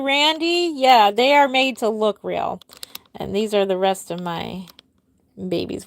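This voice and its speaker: Tired-sounding woman in her forties, casual livestream host, dry close sound, mid pitch. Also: no echo. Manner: chatty, reads out and answers viewer comments. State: tired, yawning. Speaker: doll artist hosting a livestream.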